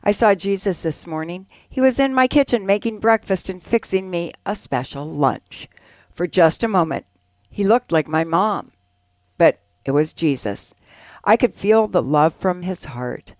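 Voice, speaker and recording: A woman co-hosting a radio show, reading an ad and an inspirational piece with expressive delivery. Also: fairly low pitch, a little slow, dry recording. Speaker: radio co-host.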